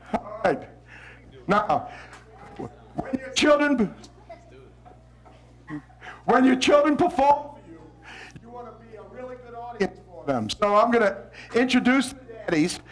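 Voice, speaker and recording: A man from New Orleans, a visiting poet, coaching children and parents to recite with expression, coaxing them along and breaking into shouted lines. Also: extremely high pitch. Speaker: visiting poet leading a school workshop. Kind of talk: lively workshop with children and parents.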